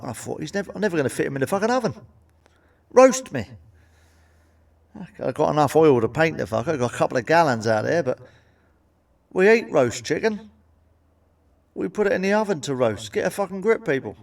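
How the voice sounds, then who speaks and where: Middle-aged man, stand-up comic, crude and sweary, deadpan delivery, slightly raised voice, a bit off-mic. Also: a little high, vocal fry, far from the mic. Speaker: stand-up comedian. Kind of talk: stand-up comedy routine.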